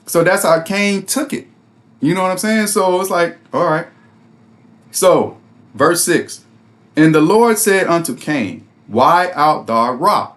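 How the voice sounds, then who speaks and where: Guy with doing bible commentary, laughs a lot, bouncy pitch. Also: a bit bright. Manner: laughs often, conversational and mocking. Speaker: bible study host. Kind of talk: casual commentary on scripture.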